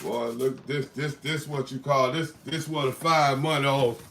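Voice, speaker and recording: A man's voice: medium pitch, steady tone, normal speed. A man joking in slang about his puppy while vlogging. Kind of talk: casual vlog talk. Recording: loud background noise.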